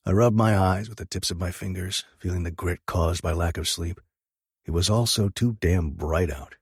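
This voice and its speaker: A man's voice: low voice, moderate pace, husky, no room sound, studio quality. A man narrating a first-person audiobook with an intense, dramatic reading.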